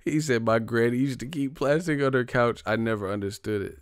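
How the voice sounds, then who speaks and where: This livestream host is a young man with a clear, resonant mid-range voice that runs a little fast, recorded close to the mic with no echo. His casual comedic rant is full of profane storytelling, punctuated by chat names he reads aloud and loud bursts of laughter.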